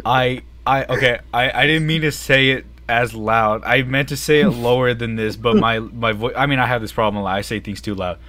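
A young man co-hosting a podcast, telling stories in a laid-back, low-key way and chuckling along. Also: pushed and bright. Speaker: podcast co-host. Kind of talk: casual chat.

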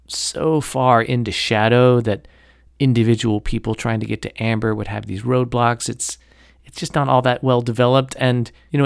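Guy hosting a book podcast, kinda low voice, lots of "you know" and "kind of", dry room. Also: smooth, no echo. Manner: rambling, many fillers and hedges; critical, opinionated commentary. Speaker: podcast host discussing a novel. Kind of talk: casual chat.

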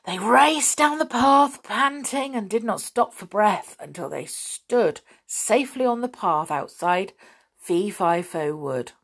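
A woman storyteller reads a children's tale with a lively, expressive voice. She takes her time, speaking slowly and leaning into each turn. Now and then she turns to the listener with an aside. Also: medium pitch.

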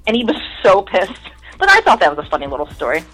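A woman's voice: mid-range voice, fast talker, poor audio. A woman guest in casual chat, telling stories bluntly with lots of swearing and acted-out voices. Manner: blunt, profane storytelling with lively mimicry.

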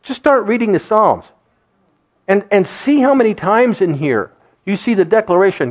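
A man's voice: high-pitched, sing-song, moderate pace, highs cut off. A man preaching a sermon, acting out quoted voices and laughing often. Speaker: pastor.

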